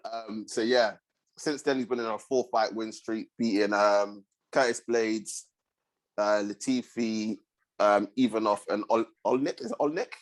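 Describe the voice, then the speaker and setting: A man hosting a sports podcast, talking in a relaxed way with frequent fillers. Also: on the low side, unhurried. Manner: relaxed, hesitant with fillers, agreeable. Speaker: podcast host. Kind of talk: casual chat.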